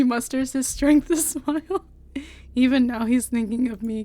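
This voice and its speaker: High-voiced young woman reading dramatically. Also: fairly even intonation, normal speed, no room sound. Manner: dramatic, shouting outbursts and laughing reactions. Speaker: virtual streamer. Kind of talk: reading a visual novel aloud on stream.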